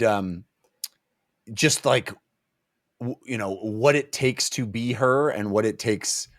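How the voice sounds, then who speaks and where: A man's voice: fairly low pitch, no echo, clean studio sound. A man co-hosting a casual book club podcast, talking animatedly with lots of fillers and restarts.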